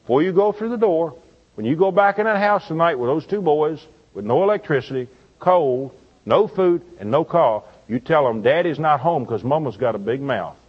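A preaching man with a fairly high voice tells a counseling story from the pulpit. He plays out each person's lines with animated delivery. The recording is dull and lo-fi. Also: normal speed. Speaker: pastor. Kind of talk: storytelling sermon.

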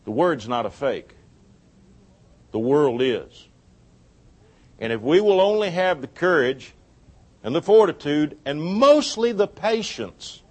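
A man's voice: on the high side, slow, pauses often, breathy edge. Storytelling preacher, man. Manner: storytelling, animated quoted dialogue, laughs at own jokes. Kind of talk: sermon.

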